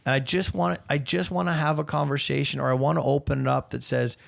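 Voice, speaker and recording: Man, podcast co-host, gravelly, casual chat, swears freely. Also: mid-range voice, level tone, fast talker, fairly bright tone. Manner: earnest then joking, swears freely.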